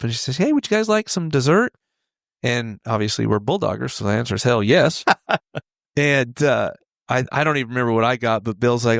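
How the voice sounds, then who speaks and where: A man in his forties, a podcast guest telling rodeo stories in a casual, animated way, laughing often and acting out the voices of the people in them. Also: medium pitch, vocal fry, dry recording, studio quality. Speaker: podcast guest, retired steer wrestler. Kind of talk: casual storytelling.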